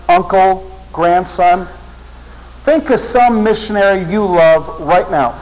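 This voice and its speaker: A man's voice: high voice, darkish tone, poor audio. A middle-aged man telling a personal story to a religious audience in an earnest speaking style. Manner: earnest storytelling, voice rising with emotion. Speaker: seminary teacher and speaker.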